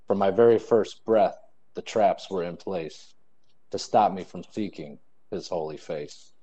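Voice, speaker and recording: Low and dark-toned, a young adult student poet reads his own rhyming poems at an online poetry event held over a video call. The audio is dull, and his recitation is measured.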